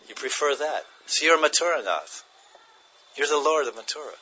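A man's voice: a little high, lively intonation, fairly quick, pushed and bright, highs cut off, slight background noise. A man giving a devotional class, chanting verses, translating them and chuckling as he tells stories. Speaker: spiritual teacher.

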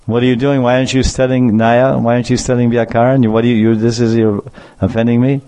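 A stern old schoolmaster, as a preacher puts him on, firing off indignant questions at a mischievous pupil. His voice is ordinary and mid-pitched, close to the speaker's own. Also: level tone, fast talker, warm tone, natural voice. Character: stern elderly male scholar-teacher, scolding.

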